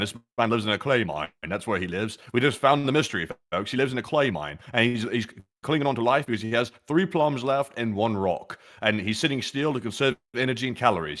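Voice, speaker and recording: A man's voice: on the low side, fairly bright tone. A man co-hosting a livestream who reads viewer messages aloud and riffs in mock-serious narration. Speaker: co-host reading viewer messages. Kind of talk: reading donations and riffing.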